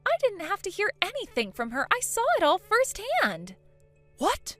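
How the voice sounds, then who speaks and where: A woman's voice: extremely high pitch, huge pitch swings, moderate pace, a bit bright, faint music behind, full character voice. A woman playing an eager, gossipy teen girl. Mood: upset. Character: teenage granddaughter, excited and chatty.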